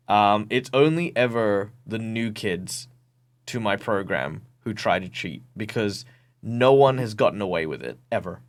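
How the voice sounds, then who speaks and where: A professional game master from Perth, Western Australia, guests on a casual interview via video call, his Australian accent carrying animated stories dotted with ums and restarts. His voice is on the low side, lively, and measured in pace.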